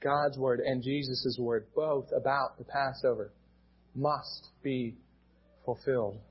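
A man's voice: mid-range voice, fairly even intonation, slow pace, breathy edge, muffled recording. A male pastor with an American accent, preaching a sermon in a plain teaching tone and often restarting his words.

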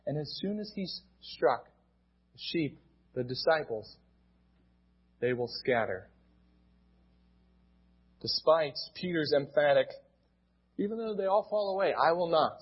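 A man's voice: a little high, breathy edge, highs cut off. A male pastor with an American accent, preaching a sermon in a plain teaching tone and often restarting his words.

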